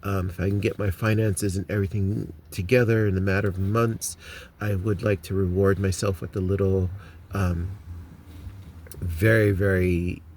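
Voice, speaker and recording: A man's voice: sits low, little pitch movement, moderate pace, darkish tone, slight background noise. An American man talks casually to his viewers, rambling with many ums and restarts, recorded on a phone inside a parked car. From United States. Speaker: vlogger.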